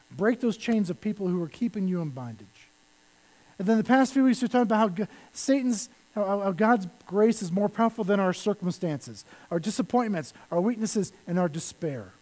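A male pastor preaching a sermon, animated, with lines that fall to a hush. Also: high-pitched, moderate pace, poor audio. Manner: animated preaching that drops to soft, hushed lines.

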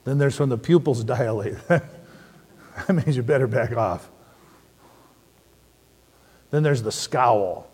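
A middle-aged man preaching a sermon, telling stories and asking the audience questions in an animated way. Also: mid-range voice, slow, pauses often, husky. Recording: long hall reverb.

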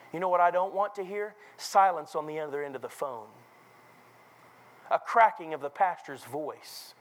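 A visiting preacher from North Carolina, a man with a high voice for his sex, delivers a revival sermon in a church sanctuary. He drops to near-whispers and then climbs to shouted peaks. He acts out the people he quotes with plenty of drama. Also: expressive, moderate pace, poor audio. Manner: swings from low murmurs to shouted peaks.

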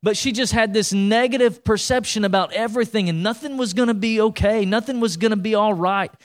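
A man preaching a sermon as pastor, energetic and repetitive, often restarting his sentences as he pushes his point. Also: high voice, a little fast.

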